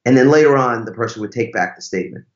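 A man's voice: medium pitch, fast talker. A man who is a podcast guest, speaking in an emphatic, casual way and using rhetorical questions. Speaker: podcast guest, relationship teacher. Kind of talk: casual conversational interview. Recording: roomy, slightly dull sound.

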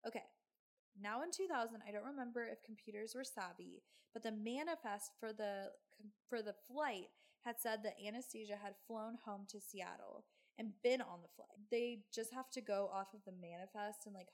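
A woman's voice: mid-range voice, normal speed. A woman hosting a podcast, telling a true crime story in casual chat with sarcastic, swearing asides. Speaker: podcast host.

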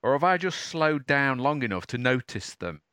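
A man's voice: mid-range voice, very animated, moderate pace, bright, forceful tone, clean tone, dry recording, clean studio sound. A man hosting a casual chat in a friendly, chummy manner, often calling his guest mate.

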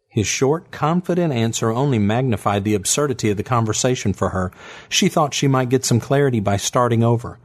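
A man narrating fiction in a steady, measured storytelling manner. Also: lowish voice.

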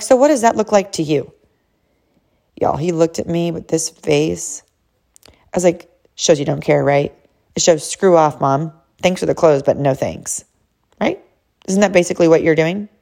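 A woman's voice: on the low side, creaky, mellow. A woman in her thirties, a mother casually telling a story about her son in an emphatic, chatty way, often calling listeners "y'all".

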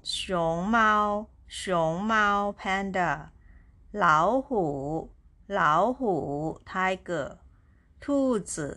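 A woman's voice: lowish voice, a bit bright. A woman teaching beginner vocabulary, sounding out each syllable and repeating words patiently. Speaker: Chinese language teacher. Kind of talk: slow, deliberate vocabulary lesson.

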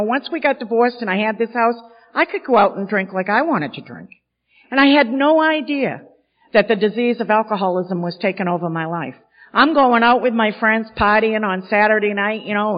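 Woman speaker at a podium, frank, self-mocking storyteller, dull sound, long echoing hall. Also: mid-range voice. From Maine. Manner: candid, self-mocking storytelling, many "you know"s. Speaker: speaker sharing recovery story. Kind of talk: storytelling talk at a recovery gathering.

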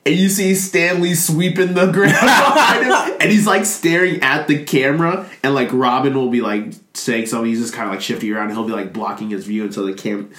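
A man's voice: medium pitch, fairly quick, few pauses, fairly bright tone, reverberant. A man co-hosting a podcast, chatting casually and rambling with lots of fillers and laughter. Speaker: podcast co-host. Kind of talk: casual chat about a cartoon movie.

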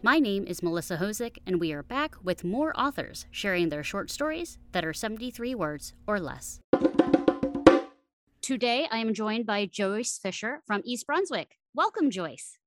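A woman's voice: mid-range voice, big pitch swings, moderate pace, a bit bright, soft background music. A woman hosting a podcast with a friendly announcer delivery, reading an introduction and asking interview questions. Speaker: podcast host.

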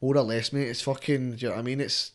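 A young Scottish man rattles through stories at a quick clip, swearing freely and tacking "mate" onto almost every line. His voice sits at an ordinary pitch for a man, and the talk is loose and conversational. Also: fairly even intonation. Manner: sweary, rapid storytelling with constant "mate". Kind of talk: casual chat.

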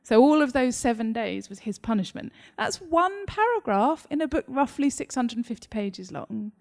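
Animated English woman with gravelly edge. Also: on the high side, normal speed. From England. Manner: animated, laughing storyteller. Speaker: author guest. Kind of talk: interview conversation. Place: library talk.

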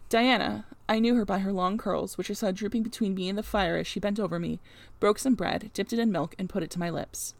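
A woman reads a classic novel aloud, expressive and steady, with wry casual asides. Her voice sits at an ordinary pitch. The recording is dry and close, with no room around it. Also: brisk, vocal fry, dry recording. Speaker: audiobook reader.

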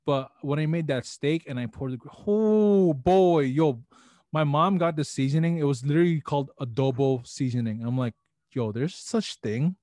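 A man's voice: medium pitch, brisk, darkish tone, no room sound, clean studio sound. A young man hosting a casual podcast chat, slangy and full of swearing, often restarting his sentences. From Filipino family background. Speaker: podcast host.

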